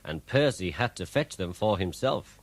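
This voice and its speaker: A man narrating a children's storybook in an animated way. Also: sits low, normal speed, a little hiss or hum. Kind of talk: storybook reading.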